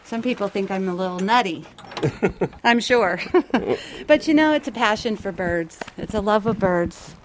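A woman's voice: mid-range voice, expressive, measured pace, slight background noise. A woman who runs a wild bird rescue, answering interview questions in a chatty way, laughing often and correcting herself.

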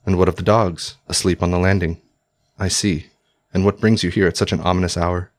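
A man's voice: low voice, little pitch movement, a little fast, lightly acted. A man voicing a young scholarly nobleman who speaks formally and earnestly. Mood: guarded. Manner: formal, alarmed questioning.

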